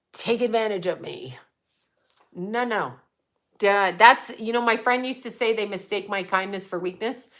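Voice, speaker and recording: A woman's voice: a little high, fairly bright tone. A middle-aged woman hosting a casual livestream, answering viewer comments bluntly and swearing freely. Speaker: psychic livestream host.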